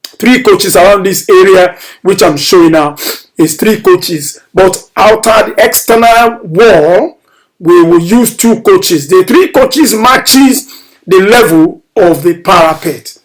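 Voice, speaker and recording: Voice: medium pitch, slow pace, rough recording. A building contractor giving a casual video tour of a building site outdoors. They speak emphatically and enthusiastically, repeat key phrases, and now and then raise their voice.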